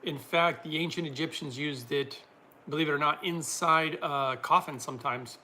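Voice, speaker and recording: This casual livestream features a chatty male host who reads out viewer comments and answers them one by one, laughing often. He speaks at a moderate speed in a somewhat high, very bright, forward voice. Faint room noise hisses in the background.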